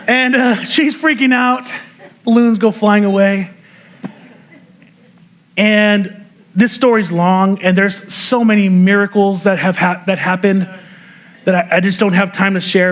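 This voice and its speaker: A pastor giving an earnest testimony in a sermon, telling a personal story with light laughs and frequent restarts. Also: male voice, high voice. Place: church sanctuary.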